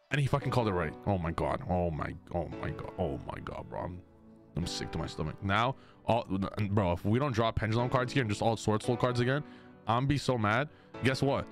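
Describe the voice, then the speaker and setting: A man in a casual vlog, commenting on card game play, excitable, swearing a lot, hyped and exasperated. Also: mid-range voice, brisk, over music. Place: card game store at a local tournament.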